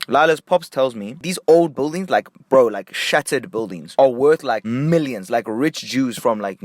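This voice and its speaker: A young man from Nigeria telling a casual story-time vlog, jumping between hushed asides and excited, high bursts. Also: dry recording. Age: young adult.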